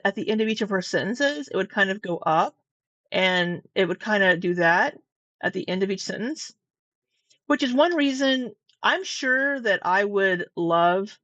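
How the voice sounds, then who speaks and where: A woman's voice: medium pitch, a bit bright, dry recording. Sarcastic, foul-mouthed middle-aged woman. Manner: sarcastic and profane, teasing. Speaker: commentator reacting to clips. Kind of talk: casual reaction commentary. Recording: dull, dry, slightly lo-fi sound.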